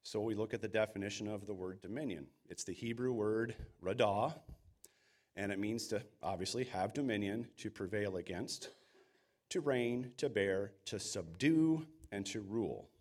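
A man's voice: lowish voice, normal speed, darkish tone. A man preaching a sermon in an earnest, emphatic way, sometimes acting out quoted voices. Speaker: pastor.

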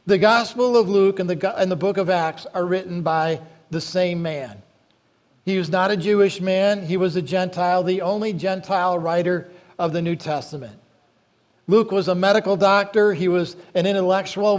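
A male pastor delivering a sermon in a high, light voice. He speaks deliberately and leans on key words, slowing down whenever he reads scripture aloud. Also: steady tone.

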